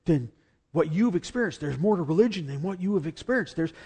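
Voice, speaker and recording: A man voicing an excitable friend who preaches fast and insistently, pitching his voice higher for the part. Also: slightly rough. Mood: fervent. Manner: fast, insistent motor-mouthing.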